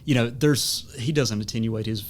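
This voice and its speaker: A man's voice: mid-range voice, moderate pace. Man, Southern US accent, podcast host, rambling, filler words, faint background hiss. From American South. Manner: discursive, many fillers and restarts. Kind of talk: casual conversation.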